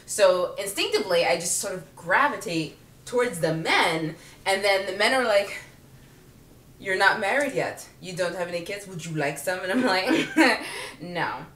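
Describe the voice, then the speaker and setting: A woman's voice: mid-range voice, reverberant, recorded from a distance, slight background noise. A woman telling a comic personal story in a casual, sassy way, laughing often and acting out what people said. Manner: animated, sassy, laughs often, acts out quotes. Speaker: vlogger.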